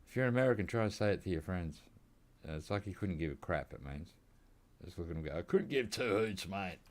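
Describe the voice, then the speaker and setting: A man's voice: deep voice, expressive, fairly quick, pauses often, a little mellow. An Australian man streaming from home, giving laid-back, rambling gameplay commentary and chuckling often. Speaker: game streamer.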